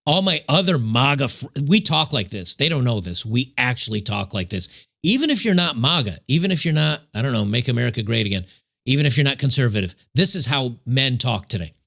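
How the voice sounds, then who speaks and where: A man's voice: mid-range voice, big pitch swings, fairly quick, vocal fry, a bit bright. A man hosting a reaction commentary show, talking in a sarcastic, mocking way. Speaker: commentary host.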